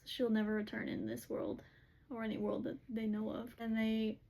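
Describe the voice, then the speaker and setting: A woman's voice: on the high side, flat delivery, moderate pace, creaky, dark tone, low-quality recording. A woman casually recapping a book's plot, chatty and filled with "like"s as she retells what the characters say. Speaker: book recap host.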